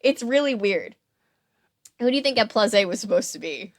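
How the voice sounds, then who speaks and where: Expressive and fairly high-pitched, a woman talks at a moderate pace while co-hosting a podcast. The chat is casual, and she sounds amused, filling it with fillers and frequent restarts.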